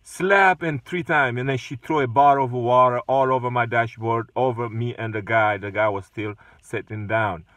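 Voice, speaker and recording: A man's voice: medium pitch, fairly even intonation, normal speed, hardly any pauses, a bit bright, dry recording, distant mic. A man who drives for a rideshare service, casually retelling an incident with lots of fillers and restarts. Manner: hesitant, many fillers and restarts.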